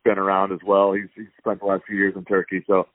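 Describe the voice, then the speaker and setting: A man's voice: deep voice, monotone, quick pace, no echo. Easygoing man on a tinny phone line. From Wampum, Pennsylvania, USA. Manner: easygoing, lots of fillers and restarts. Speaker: guest, hockey player. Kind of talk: casual interview over phone.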